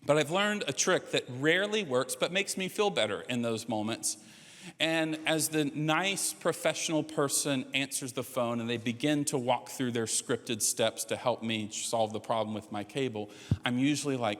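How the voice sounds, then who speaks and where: Casual storytelling preacher with a fairly high voice and long church reverb. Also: male voice, lively intonation, normal speed, fairly bright tone. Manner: conversational, playful asides. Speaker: pastor. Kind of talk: sermon with storytelling and humor.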